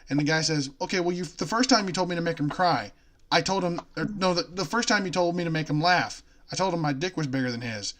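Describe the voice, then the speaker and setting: A man's voice: on the high side, fast, fairly bright tone, slight background noise. A young man chatting casually with a friend, laughing often and telling long jokes in which he voices the characters. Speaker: co-host.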